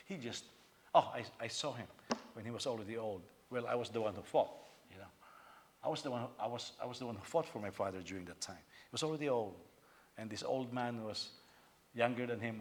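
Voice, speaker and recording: A male senior pastor preaching a sermon, telling stories with sudden loud bursts of emphasis. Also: mid-range voice.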